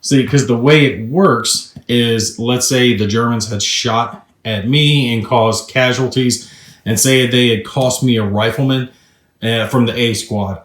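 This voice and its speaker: A man with a mid-range voice walks through a board game turn by turn, chatty and upbeat as he explains the rules. His voice carries a noticeable room echo, as if recorded in an open, roomy space. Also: mid-range voice. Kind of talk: casual tabletop gameplay walkthrough.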